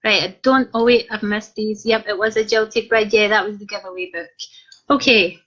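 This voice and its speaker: A woman's voice: medium pitch, fairly even intonation, moderate pace, a bit bright. A woman with a Scottish accent, an author chatting casually on a live stream, reading out comments and making jokey asides. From Scotland. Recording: slightly muffled lo-fi live stream.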